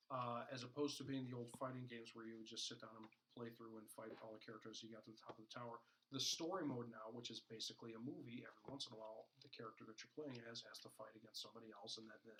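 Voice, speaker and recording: A man's voice: mid-range voice, flat delivery, fast talker, bright, forceful tone, slight background noise, poor audio. A man co-hosting a casual podcast chat, rambling along with jokes, fillers and restarts. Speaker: podcast co-host.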